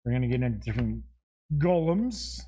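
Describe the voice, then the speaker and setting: A man's voice: medium pitch, very animated, fairly quick, mellow. A man hosting a show, giving casual unboxing commentary. He reads item names aloud one after another with short asides and chuckles at himself. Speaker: show host.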